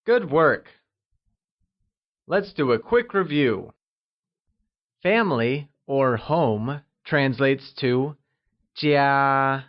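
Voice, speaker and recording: A man narrating a scripted language lesson, calmly leading listeners through words and praising each try. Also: mid-range voice. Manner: slow, patient, encouraging drills. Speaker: language teacher. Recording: slightly dull lo-fi audio.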